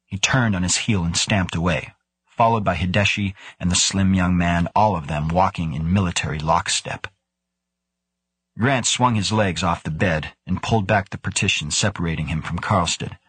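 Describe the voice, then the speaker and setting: A man reading an audiobook in scripted narration, with measured, even delivery and lightly voiced dialogue. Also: deep voice, breathy edge, no echo.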